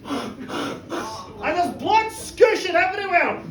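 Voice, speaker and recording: Animated woman telling a gory tale live. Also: very high voice, slow. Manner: animated, playful, acting out the tale. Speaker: storyteller. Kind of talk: live comic storytelling. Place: pub in front of an audience. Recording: roomy, distant live pub recording. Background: audience.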